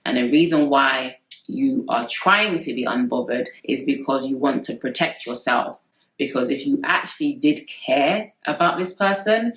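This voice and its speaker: A woman vlogger giving direct, sisterly relationship advice to her viewers, emphatic and candid. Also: very deep voice. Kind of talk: candid talking-to-camera advice. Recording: echoey room.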